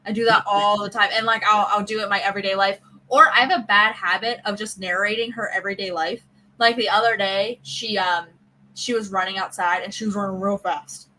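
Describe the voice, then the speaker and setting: A woman from the American South hosting a podcast, chatting casually and telling stories with lively voice play. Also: medium pitch, a little fast, low-quality recording. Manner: chatty, animated storytelling with voice play. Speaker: podcast host. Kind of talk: casual chat.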